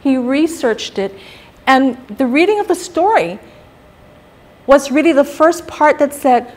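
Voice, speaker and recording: High-voiced woman giving a lively talk. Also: measured pace. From Guam. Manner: animated storytelling, asks the audience questions. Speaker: guest speaker. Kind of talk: public talk.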